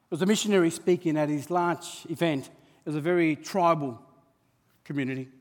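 High-voiced impassioned preacher man. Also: a little fast, in a large hall. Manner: impassioned, repeats words when stirred. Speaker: pastor. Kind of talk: sermon.

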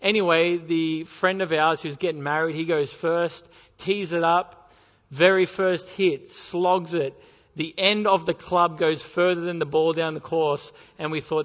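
Pastor preaching in a reverberant hall. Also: male voice, fairly high pitch, steady tone, unhurried, fairly bright tone. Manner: storytelling, rhetorical questions. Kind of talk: sermon. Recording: dull sound with long hall reverb.

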